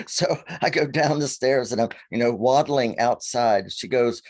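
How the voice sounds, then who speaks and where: A faery seer from Virginia tells animated stories in conversation as a video-call guest, acting out what people said. His medium-pitched voice moves fairly quickly with few pauses.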